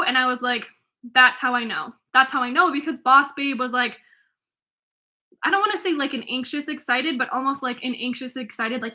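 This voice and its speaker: A woman's voice: sits high, normal speed, sharp tone. A woman in her twenties, a life coach and podcast host, talking through a rambling, filler-heavy solo monologue full of restarts. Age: 20s.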